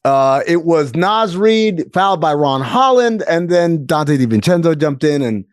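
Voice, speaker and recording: A man hosting a sports podcast, talking in animated, teasing banter. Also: fairly high pitch, measured pace, dry recording, studio quality. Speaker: podcast host. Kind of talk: casual sports talk.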